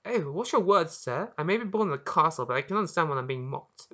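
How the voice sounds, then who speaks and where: A reader voicing a spirited, sarcastic high-born young British lady with a shrill voice, in an audiobook of their own story. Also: animated, fast talker, bright, forceful tone. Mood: teasing. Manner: playful, sarcastic.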